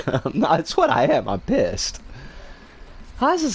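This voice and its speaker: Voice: mid-range voice, huge pitch swings, slow pace, creaky, long pauses, slightly rough. A middle-aged streamer chatting with viewers on a livestream, ranting in an exasperated, profane way with frequent sighs and laughs. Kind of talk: livestream chat, responding to viewers.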